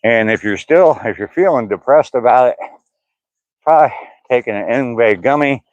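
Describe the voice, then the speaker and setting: An older vlogger with a medium-pitched, darkish voice speaks animatedly at normal speed while walking an outdoor trail on a casual live stream. Joking and laughing, he reads live chat comments aloud; the recording has no room sound and its highs are cut off.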